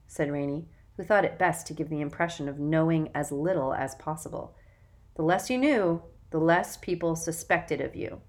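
A woman narrating a children's novel in a measured, expressive way. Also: sits low. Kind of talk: audiobook narration.

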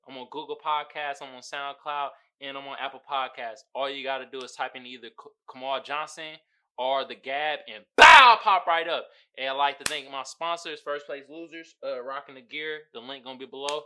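A man hosting a casual solo podcast, reading memes aloud in profane slang and breaking into loud bursts of laughter. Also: medium pitch, normal speed. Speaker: podcast host.

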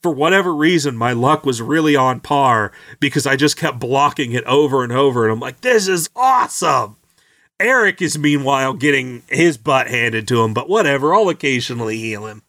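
A man's voice: medium pitch, animated, moderate pace, sharp tone, no room sound, clean studio sound. A man chatting casually about a video game he played, acting out characters with voices and laughing often. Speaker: podcast co-host recapping a video game. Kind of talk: casual chat.

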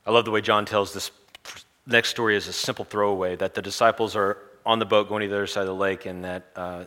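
A man preaching a sermon, retelling a story with lively energy and chanting the crowd's lines. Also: on the low side, fast.

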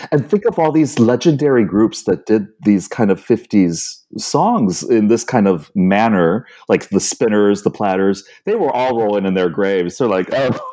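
A man's voice: lowish voice, expressive, unhurried, mellow. A man co-hosting a casual podcast chat, opinionated and often laughing. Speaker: podcast co-host.

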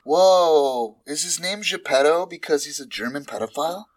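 A man's voice: fairly high pitch, moderate pace, over a noisy crowd. A man chatting with friends, tossing in joking remarks. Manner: joking interjections. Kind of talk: casual chat among friends.

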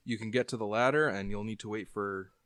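A man acting as game master in a tabletop session, walking the players through rules in a relaxed, matter-of-fact way. His voice is smooth and resonant and sounds dry and close. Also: lowish voice, brisk, no echo. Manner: explains rules plainly, relaxed.

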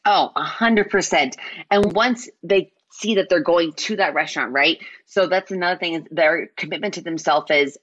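A woman's voice: lowish voice, normal speed, a bit bright, slightly rough, no echo, dull audio. A woman explaining habit change in an earnest, coaching way during a casual interview. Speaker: health coach guest.

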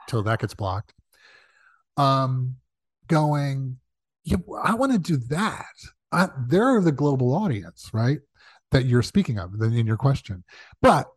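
A man's voice: mid-range voice, dry recording, studio quality. A man talking casually as a guest about comedy writing, acting out the people he quotes. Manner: animated, acts out quoted voices. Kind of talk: casual storytelling in conversation.

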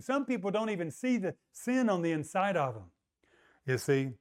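A man's voice: high-pitched, moderate pace. A middle-aged man preaching a sermon, telling stories and acting out the voices of the people in them. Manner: animated storytelling, acts out the voices of the people he quotes.

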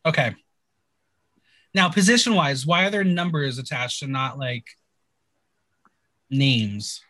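A man's voice: medium pitch, slow, no room sound. A man hosting a podcast, casually recapping a TV show with jokes and laughter. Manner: animated, laughing, joking. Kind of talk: casual chat.

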